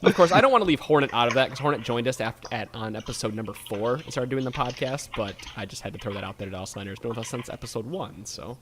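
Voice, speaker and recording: A man's voice: medium pitch, fast, few pauses. Upbeat man hosting a podcast. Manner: lively, upbeat introductions. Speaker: podcast host. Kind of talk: casual gaming podcast chat.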